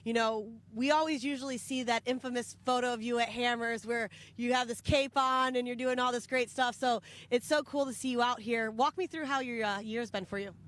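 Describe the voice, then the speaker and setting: A woman's voice: fairly high pitch, steady tone, fairly quick, few pauses, fairly bright tone. A woman hosts a casual trackside interview at an off-road race, gushing with praise in a friendly way. She now and then fumbles for the right word and trails off mid-sentence. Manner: effusive, friendly, fumbles words. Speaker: event interviewer. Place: outdoors at an off-road race park.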